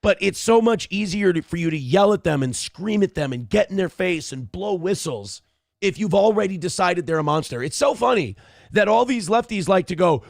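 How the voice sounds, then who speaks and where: Gravelly ranting male show host. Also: high voice, animated, moderate pace, no room sound, studio quality. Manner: blunt, ranting, swears often. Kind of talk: profane political commentary.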